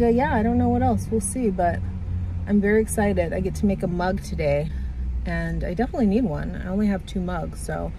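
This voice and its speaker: A woman's voice: mid-range voice, dark tone, slight background noise. A woman chatting casually to her camera as a lifestyle vlogger, upbeat and rambling. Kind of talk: casual vlog chat to camera.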